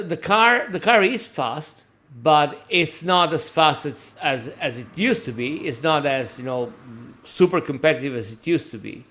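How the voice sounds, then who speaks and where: A man with a fairly high, somewhat bright voice co-hosts a casual motorsport podcast as an F1 commentator. He speaks hesitantly, with lots of fillers and restarts.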